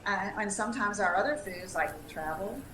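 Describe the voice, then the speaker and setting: A woman's voice: mid-range voice, expressive, moderate pace, echoey room, noisy background. A woman from Tennessee with a Southern accent, a dietitian giving upbeat, chatty advice and laughing often. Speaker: dietitian, featured speaker. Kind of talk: casual livestream talk.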